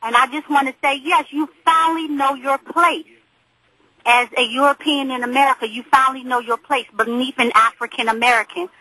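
A woman's voice: high-pitched, fairly even intonation, fairly quick, pushed and bright, slightly rough, dry recording, rough recording. A woman calling in to a radio show by phone, speaking in a taunting, provocative way. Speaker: caller. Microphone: telephone.

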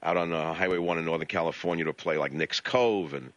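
A man's voice: low voice, a little fast, dry recording. A male radio talk show host delivering a blunt, sarcastic monologue into a studio mic. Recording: dull lo-fi radio audio.

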